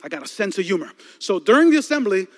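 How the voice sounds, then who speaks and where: High, animated young man preaching in a hall. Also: fast. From Chicago area, United States. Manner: animated, acts out voices in his stories, stammers and repeats words. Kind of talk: storytelling sermon to a live youth audience.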